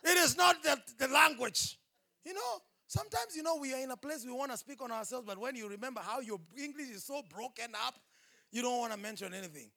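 A man preaching a sermon, impassioned and rising to shouts. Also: very high voice, a little fast.

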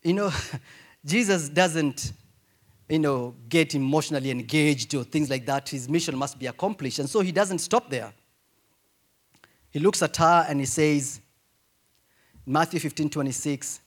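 A male pastor preaching a sermon in an animated way, moving between hushed asides and loud, emphatic cries. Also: a little high, unhurried, pauses often.

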